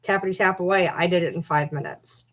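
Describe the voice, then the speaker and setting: A vlogger chats casually to camera from her bed at home, drifting into baby talk whenever she stops to coo at her pets. Her voice is fairly low and she speaks fast.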